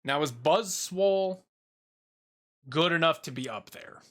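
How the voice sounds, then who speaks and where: A young man casually rambling through a tier list ranking, swearing freely and filling pauses with ums and uhs. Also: on the high side, expressive. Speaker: YouTuber ranking Pokemon. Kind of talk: casual commentary while making a tier list.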